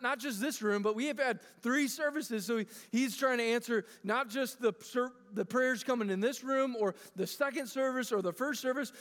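A man in his thirties with a high voice delivers a sermon to his congregation. He talks earnestly and conversationally and often restarts his phrases. His voice rings with the long reverb of a large church hall. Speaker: pastor. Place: church sanctuary.

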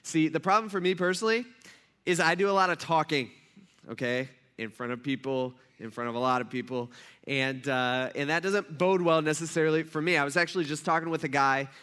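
Animated bright-voiced man preaching. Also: fairly quick, clean tone. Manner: animated, acts out quoted voices with big pitch jumps; conversational and self-deprecating. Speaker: pastor. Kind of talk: sermon. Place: church hall.

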